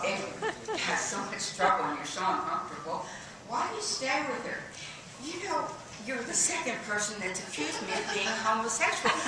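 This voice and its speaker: An actress playing a flighty young female aspiring singer who talks in an animated, giggly way, heard live on a stage. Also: mid-range voice, close to an everyday voice. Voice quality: animated, giggly, quick-changing. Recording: far, echoey, noisy stage capture.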